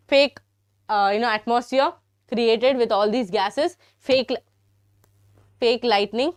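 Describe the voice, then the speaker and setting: A woman's voice: fairly high pitch, no room sound, studio quality. A young woman with an Indian English accent teaching a live biology class, chatty and teasing, often turning to her students. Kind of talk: live online biology lesson.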